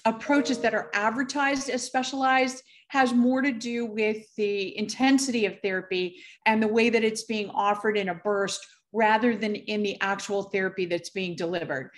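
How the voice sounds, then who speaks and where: A middle-aged woman physician giving a conference presentation, speaking in a measured, careful way with frequent fillers and pauses. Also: medium pitch, steady tone.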